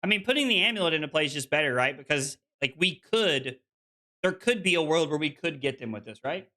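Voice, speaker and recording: A man's voice: fairly high pitch, lively intonation, fairly quick, pushed and bright. A man streaming a card game, chatting casually with viewers and reading their messages aloud, with lots of fillers. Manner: chatty, full of "like" fillers, reads chat aloud.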